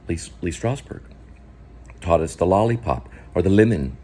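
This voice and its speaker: A man vlogging about acting technique, rambling and asking the viewer quick questions. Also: low voice, lively intonation, darkish tone, slight background noise. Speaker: vlogger and actor teaching acting. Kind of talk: casual acting talk to camera.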